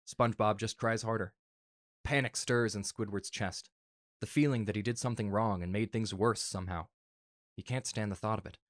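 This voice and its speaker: A man earnestly reading a fan story aloud in a soft, emotional way. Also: lowish voice, no echo, clean studio sound. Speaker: narrator.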